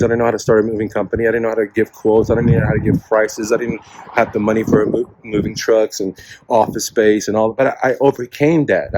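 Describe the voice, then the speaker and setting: A real estate coach in his forties, who came to the US as a refugee, gives a blunt, profanity-laced motivational talk packed with "man" and "bro." His voice is fairly low, over a noisy background.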